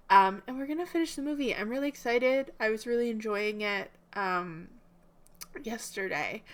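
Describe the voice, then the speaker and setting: A woman's voice: medium pitch, a bit bright, clear, resonant tone. A young woman hosting a movie reaction, chatting casually to her viewers in a slightly subdued way.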